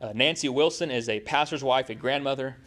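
A man's voice: medium pitch, fairly quick, a bit bright. Conversational male pastor preaching. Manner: conversational, asks the congregation questions. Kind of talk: sermon.

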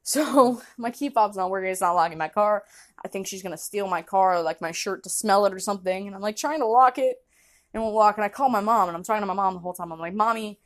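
A young woman from the United States, hosting a podcast from her kitchen, telling a story in a casual, animated way, laughing often and acting out what people said. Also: medium pitch, fast. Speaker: podcast host. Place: home kitchen.

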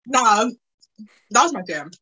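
A young adult woman co-hosting a podcast, chatting casually in an excitable, giggly way. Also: mid-range voice, a little hiss or hum, poor audio. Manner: excitable, giggly, quick to laugh. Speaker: podcast co-host. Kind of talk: casual chat.

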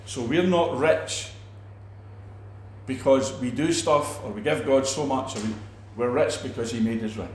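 A man teaching about faith in a relaxed talk, animated, acting out quoted people and restarting his sentences often. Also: medium pitch, unhurried, reverberant, a little hiss or hum. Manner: animated, acts out quoted preachers, many restarts. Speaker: preacher.

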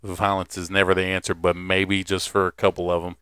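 A man's voice: sits low, monotone, a little fast, a bit bright, clean tone, no echo, clean studio sound. A young man co-hosting a podcast, chatting casually, joking crudely and laughing often. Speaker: podcast co-host. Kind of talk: casual chat.

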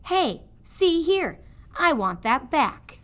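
A woman's voice: high-pitched, very animated, slow, voice pushed up, heavily acted. A woman doing a pleading, weepy male prisoner. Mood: indignant. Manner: pleading, plaintive, rough grammar. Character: guilty, weepy middle-aged male prisoner. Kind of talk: storybook read-aloud.

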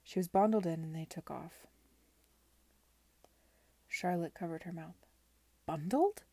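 A woman reading a novel aloud in a soft, near-whispered way. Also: lowish voice, fairly even intonation, measured pace, gravelly, no room sound. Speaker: reader.

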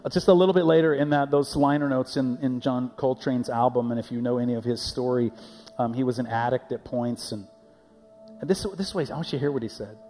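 A man preaches in a loose, conversational way and often repeats his words as he goes. His pitch sits in the middle range. His voice carries the long reverb of a church sanctuary. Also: steady tone, brisk, warm tone, faint music behind. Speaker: pastor. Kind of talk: sermon.

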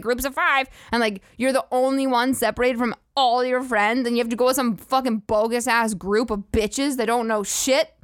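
Swearing freely, a woman podcast host launches into a comedic rant that's sarcastic and incredulous. Her fairly high voice is captured dry and close, with little room sound and no echo.

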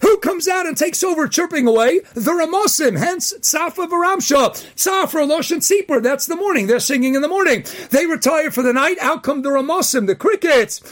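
A man giving an impassioned Torah sermon as a rabbi, often shouting and firing off rhetorical questions, with Hebrew and Yiddish terms mixed into his English. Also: extremely high pitch, lively intonation, normal speed, hardly any pauses.

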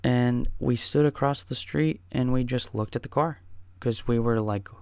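A man's voice: mid-range voice, measured pace, gravelly, darkish tone, clean tone, no room sound. A man hosting a podcast, telling a personal story in a casual, profane and emphatic way. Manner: profane, emphatic, says "dude" and "man" a lot. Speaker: podcast host.

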